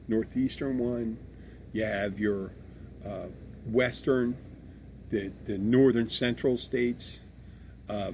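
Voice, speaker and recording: There's a little hiss or hum under this mid-range male voice. He's a Philadelphia podcast host in a casual chat, abrasive and blunt, cursing freely and starting sentences over as he rambles on.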